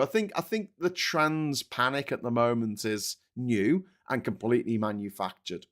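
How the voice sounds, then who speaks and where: Hosting a live-stream political chat, an Englishman with a Liverpool accent rants, swears, and keeps restarting with a stammer. His voice is medium in pitch and a bit bright.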